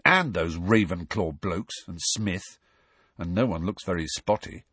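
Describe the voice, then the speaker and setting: A man's voice: low voice, a little slow, a bit bright, breathy edge, dry recording, full character voice. A man doing an eager, indignant teen schoolboy. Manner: blurting, indignant.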